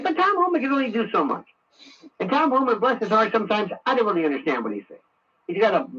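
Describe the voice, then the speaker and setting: A man's voice: sits high, husky. Ranting man on muffled talk radio. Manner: ranting, sarcastic, animated. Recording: muffled radio broadcast, distant.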